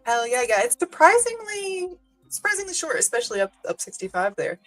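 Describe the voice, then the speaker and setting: A woman from Kentucky, a podcast guest chatting casually, full of "like" and "um" and quick laughs. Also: sits high, very animated, faint music behind. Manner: chatty, filler-heavy, laughs easily. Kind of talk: casual chat.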